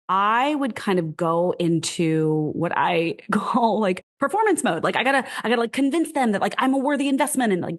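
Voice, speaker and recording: Animated American woman telling a story. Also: a little high. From United States. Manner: animated, laughing, heavy use of "like". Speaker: guest, whisky brand founder. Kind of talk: casual interview storytelling.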